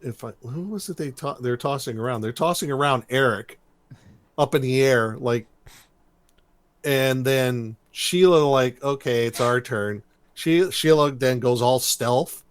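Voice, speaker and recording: A man co-hosting a podcast, recapping a cartoon episode in rambling, animated casual chat. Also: mid-range voice, a little slow, no room sound. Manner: rambling, animated storytelling with laughs. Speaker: podcast co-host.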